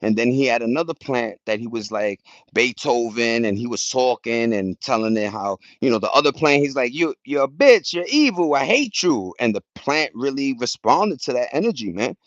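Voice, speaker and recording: A man's voice: mid-range voice, normal speed, dry recording, highs cut off. A man vlogging in a casual, slangy, rambling way, chatting loosely to his viewers from home. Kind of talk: casual chat to camera. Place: at home with plants and a cat.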